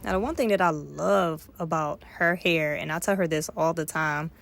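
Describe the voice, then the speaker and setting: A woman's voice: low-pitched, moderate pace, creaky, a bit bright, slight background noise. A woman with a Detroit accent, chatting playfully and directly to her viewers in a casual mom vlog. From Detroit, USA. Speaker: mom vlogger.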